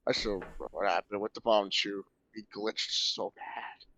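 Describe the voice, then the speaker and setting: A man's voice: fairly low pitch, steady tone, moderate pace, sharp tone, dry recording. A man chatting during a game with friends, easygoing and rambling, often repeating himself mid-sentence. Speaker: friend playing along on stream. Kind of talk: casual gaming banter.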